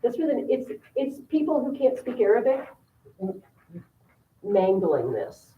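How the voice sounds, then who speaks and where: A woman teacher giving a history lesson to a class, animated and repeating key words for her students. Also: on the high side, measured pace. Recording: echoey room, far mic, phone-like sound.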